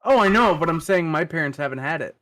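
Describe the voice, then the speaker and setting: A man in his thirties co-hosting a podcast, relaxed and rambling, with lots of "like". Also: fairly high pitch, quick pace. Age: 30s. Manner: relaxed, rambling, full of "like" fillers. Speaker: podcast co-host. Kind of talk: casual chat.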